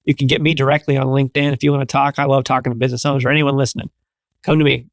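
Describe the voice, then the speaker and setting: A man guesting on an interview show, telling stories in an energetic, repetitive, casual way. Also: mid-range voice, racing, no room sound, studio quality. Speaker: guest, business executive.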